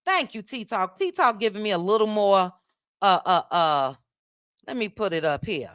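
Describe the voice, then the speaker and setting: Midwestern woman, casual livestream host, talkative and friendly with chat; smooth, resonant tone, dry recording. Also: mid-range voice, lively intonation, normal speed, a bit bright, dry recording. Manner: chatty, thanks viewers by name, drops "child" asides. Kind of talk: casual livestream chat reading viewer comments.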